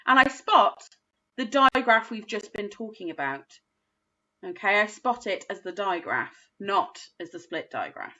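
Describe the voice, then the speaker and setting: A woman teaching a recorded phonics lesson to young children, slowly sounding out each word in a patient, encouraging way. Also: a little high, bright, forceful tone, lo-fi sound. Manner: slow, patient, sounding out words. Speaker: primary school teacher.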